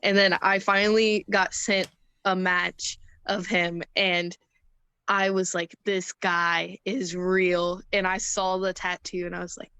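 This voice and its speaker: A woman's voice: fairly low pitch, little pitch movement, takes it slowly, bright, forceful tone, clear, resonant tone, dry recording. Young woman, interview guest, casual storyteller who laughs a lot; dry close recording. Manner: chatty, laughs often, acts out quotes.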